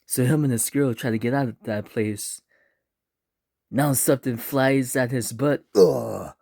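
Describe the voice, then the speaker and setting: A man telling a spooky, funny story in a relaxed, chatty way, acting out bits as he goes. He speaks slowly at a mid pitch. The sound is dry and close. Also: no echo. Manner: laid-back, chatty, acts out voices. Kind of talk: casual storytelling.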